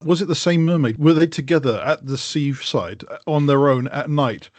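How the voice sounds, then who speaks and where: A man's voice: a little high, darkish tone, dry recording. A man co-hosting a podcast, throwing in teasing jokes and quips. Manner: joking, teasing, quick quips. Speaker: podcast co-host. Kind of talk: casual chat.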